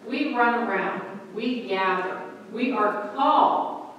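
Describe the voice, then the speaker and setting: A woman's voice: mid-range voice, slow pace, recorded from a distance, highs cut off, a little hiss or hum. Woman pastor preaching in an echoey church. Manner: storytelling with lively quoted voices. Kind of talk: sermon. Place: church sanctuary.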